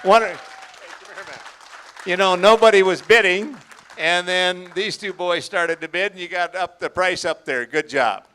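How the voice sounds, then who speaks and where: A man hosts a student auction, joking with the bidders and drawing out each student. His voice is bright and clear and sits a little high, with a faint crowd behind him. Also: a little slow. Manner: hearty, joking, draws guests out. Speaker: auction school host.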